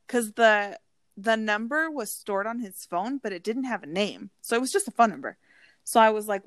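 A woman chatting casually, blunt and profane as she tells her story. Her voice is medium in pitch and sounds dry and close, with no room around it. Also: animated, normal speed, no room sound. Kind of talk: casual chat.

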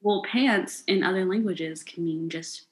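A woman from the United States in casual chat, guessing words with quick, jokey humor. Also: fairly low pitch. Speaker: guesser in a word game. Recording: echoey room.

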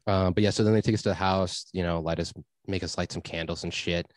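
A man's voice: deep voice, steady tone, fast, no echo. A young man telling a rambling story in a casual chat, laid-back, swearing and full of fillers. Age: young adult.

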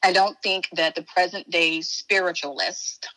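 This Chicago woman is a spiritual teacher chatting as a guest in a casual interview, emphatic and folksy, calling the listener baby and honey. Her voice sits on the low side, steady, unhurried, bright and forceful. The audio is poor.

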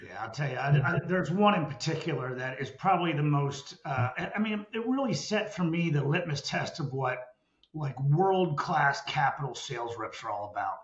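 A middle-aged man telling stories about sales work in a relaxed interview, with many restarts. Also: a little high, normal speed, roomy sound, dull audio. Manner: reflective, storytelling with many restarts. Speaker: guest, former sales executive. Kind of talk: casual interview conversation.

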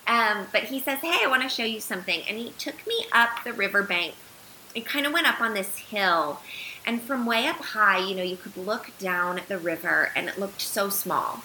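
A woman's voice: medium pitch, animated, normal speed, bright, forceful tone, slight background noise, poor audio. A woman in her thirties, a podcast guest, telling a personal story earnestly and with animation, using many filler words.

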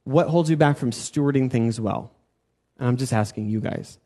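A man's voice: medium pitch, normal speed, mellow. A man teaching at church in an informal sermon style. He talks conversationally, repeats key words for emphasis and puts questions to his listeners.

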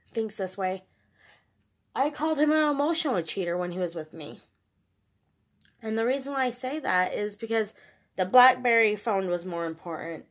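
A middle-aged woman vlogs to her camera, confiding about co-parenting struggles in an earnest, emotional, rambling way with restarts. Her voice is on the high side with a fairly bright tone.

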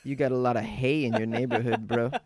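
A man from New England, a comedian guest, chatting casually on a podcast and slipping into rough put-on accents. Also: mid-range voice, sing-song, brisk, a little mellow, no room sound.

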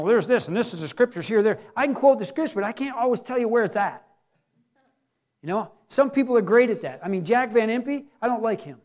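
Folksy high-voiced male pastor. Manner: folksy, joking, acts out little scenes. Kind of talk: sermon.

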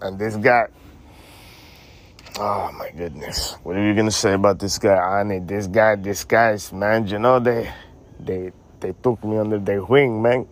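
A man's voice: lowish voice, fairly even intonation, a little slow. A man co-hosting a casual comedy podcast, rambling in slang and calling people honey and man. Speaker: podcast co-host.

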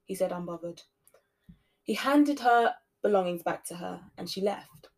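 Expressive woman narrating a story. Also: medium pitch, normal speed. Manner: expressive, shifting loud and soft. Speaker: podcast host reading a story.

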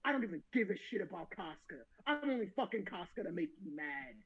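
A man's voice: high-pitched, big pitch swings, fast, breathy edge, phone-quality sound, voice pushed down, full character voice. A man putting on the voice of a vain, obsessive male anime commander, whining and indignant in a comedic impression. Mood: jealous whining. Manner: whiny, indignant ranting.

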